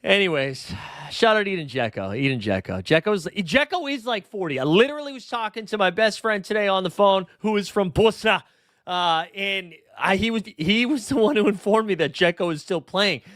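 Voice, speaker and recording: A man's voice: high-pitched, sing-song, moderate pace, a bit bright, no echo, studio quality. A young man hosting a fantasy sports livestream in casual chat, rambling and swearing as he drifts into tangents. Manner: rambling, profane, goes off on tangents. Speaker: fantasy sports show host.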